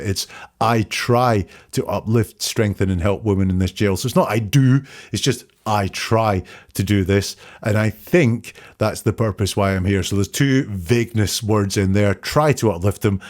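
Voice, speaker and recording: A man hosting a solo commentary show, quoting interview lines back and picking apart the wording in a measured, analytical way. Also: lowish voice, darkish tone. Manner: measured, analytical, quotes lines back then dissects them. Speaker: host analyzing interview language. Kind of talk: solo commentary, breaking down quotes.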